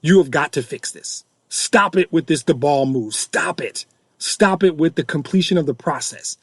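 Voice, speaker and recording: A man's voice: on the high side, expressive, moderate pace, husky, no room sound. Ranting middle-aged male podcast host. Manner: exasperated, repetitive, ranting. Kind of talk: fan-reaction rant.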